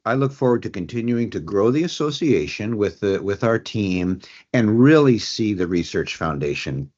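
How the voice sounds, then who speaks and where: A man in his sixties, a guest in an interview, talking reflectively and haltingly with many restarts and fillers. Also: on the low side, lively intonation, a little mellow. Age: 60s. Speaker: guest, addiction treatment executive. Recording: dull lo-fi audio.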